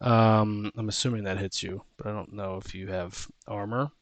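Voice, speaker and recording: A man's voice: lowish voice, fairly even intonation, moderate pace, dry recording. A man running a tabletop game as dungeon master, hesitant with lots of ums.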